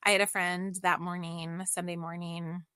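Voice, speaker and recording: A woman's voice: on the low side, flat delivery, normal speed, bright, forceful tone, smooth, no room sound, clean studio sound. A middle-aged woman, a podcast guest, telling a personal story in an open, reflective and emotional way in casual conversation.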